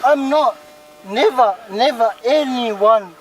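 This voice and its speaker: A man's voice: very high-pitched, slow, low-quality recording. A drunk man being arrested, repeating his protests with slurred speech, recorded outdoors on a street.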